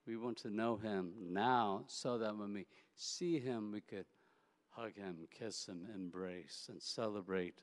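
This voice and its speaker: A man preaching a sermon in a relaxed, conversational way, telling anecdotes and often repeating words as he goes. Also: fairly low pitch. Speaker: pastor. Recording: echoey hall.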